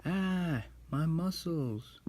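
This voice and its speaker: A man voicing a male snow leopard kung fu villain in a comic cartoon retelling, with shrill, melodramatic yelps. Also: lively intonation, extremely slow, a little mellow, heavily acted. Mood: terrified.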